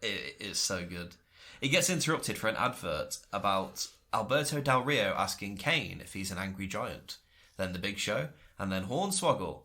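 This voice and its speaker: Male co-host, casual recap, bright tone, lively pitch, quick to laugh. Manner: enthusiastic, laughs often. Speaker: podcast co-host.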